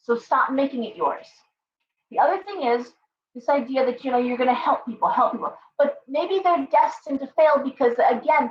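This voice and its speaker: A middle-aged woman hosting a live tarot stream, blunt, profane and scolding as she rants and reads cards. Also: high voice. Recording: echoey, dull live-stream audio.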